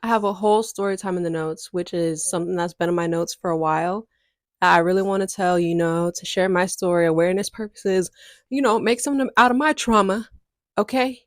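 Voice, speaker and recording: A woman's voice: lowish voice, a little fast, no room sound, studio quality. A woman, chatting candidly to her viewers in a casual storytime vlog. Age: 20s. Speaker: content creator.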